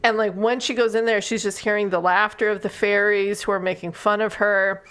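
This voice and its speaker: A woman's voice: mid-range voice, little pitch movement, brisk, a bit bright, smooth. A woman co-hosting a podcast, chatting casually about a book and laughing often as she acts out characters' lines. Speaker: podcast co-host.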